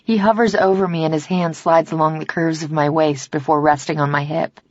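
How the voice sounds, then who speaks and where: A woman's voice: fairly even intonation, fairly quick, no echo, lo-fi sound. A woman narrating a first-person romance audiobook, voicing the dialogue herself. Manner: acts out dialogue, softer and lower for the male lover.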